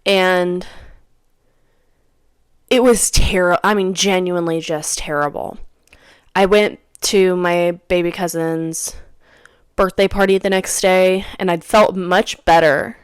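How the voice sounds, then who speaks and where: Rambling young woman, smooth low voice. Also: steady tone, slow pace, long pauses, no echo, clean studio sound. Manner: rambling, repeats her phrases. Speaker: podcast host. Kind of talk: casual storytelling.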